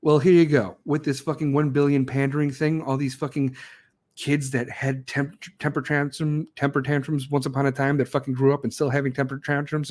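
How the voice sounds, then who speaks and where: Ranting man, higher voice, swearing nonstop. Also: a little mellow. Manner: angry, swearing constantly, mocking voices. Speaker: podcast host. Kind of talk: profane rant.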